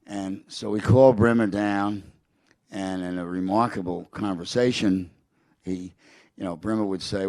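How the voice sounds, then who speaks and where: An older man, a guest in a public conversation, tells rambling anecdotes full of restarts and quoted remarks, including words from a president. His voice is low, steady, and slightly mellow, at normal speed with no echo.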